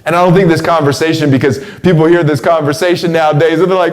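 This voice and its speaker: Slangy man in his forties, rising when excited. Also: a little high, fast talker, hardly any pauses. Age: 40s. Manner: slangy, repeats words, voice rises when excited. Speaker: host delivering a weekly message. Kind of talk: casual spoken monologue.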